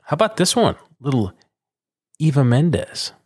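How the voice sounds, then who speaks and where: A man's voice: medium pitch, big pitch swings, measured pace, a little mellow, husky. A man co-hosting a radio show, running through a list and laughing easily. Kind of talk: casual banter.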